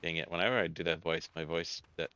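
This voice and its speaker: Low voiced guy rambling thru a game playthrough, crisp punchy voice, jokey, lo-fi audio w faint music. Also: fairly even intonation, fast, bright, forceful tone, no room sound. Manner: rambling, self-correcting, joking. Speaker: let's play gamer. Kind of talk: casual gameplay commentary.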